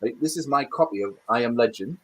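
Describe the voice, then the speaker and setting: A man co-hosting a casual livestream chat, animated and swearing as he rants about films. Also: mid-range voice, fast talker, husky. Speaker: co-host.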